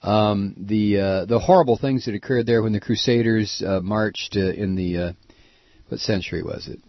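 A man's voice: fairly low pitch, steady tone, normal speed, dry recording. A man hosting a radio talk show, giving rambling, sardonic commentary full of hesitations. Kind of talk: casual on-air commentary. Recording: dull lo-fi radio audio, dry.

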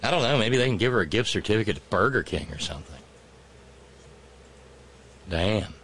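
A man's voice: fairly low pitch, expressive, brisk, vocal fry, fairly bright tone. A man hosting a talk show, giving sarcastic, mocking political commentary with profane asides.

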